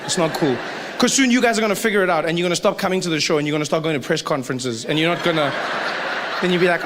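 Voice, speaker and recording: A fairly high-voiced man with a South African accent performs stand-up on a live stage. He is animated and jumps into loud acted-out quotes, heard over a steady hiss of room noise. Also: rapid-fire, big-room sound. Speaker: stand-up comedian. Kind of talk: stand-up comedy.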